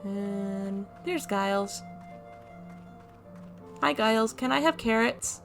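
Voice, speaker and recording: A woman's voice: mid-range voice, slow pace, vocal fry, pauses often, fairly bright tone, soft background music. Giggly woman playing a game. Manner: playful and giggly. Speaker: let's play host. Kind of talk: casual gameplay commentary.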